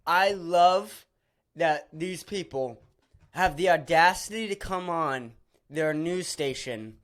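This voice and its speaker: Man, solo podcast host, slow pace, sarcastic, profane, rambling. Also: fairly high pitch, a bit bright.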